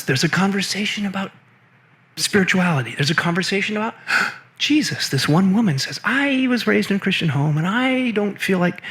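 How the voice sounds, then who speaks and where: A man telling stories from his career as a guest in an interview, acting out the voices of people he quotes. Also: sits high. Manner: animated, acts out quoted voices. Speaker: guest, film producer and assistant director. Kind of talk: storytelling interview talk.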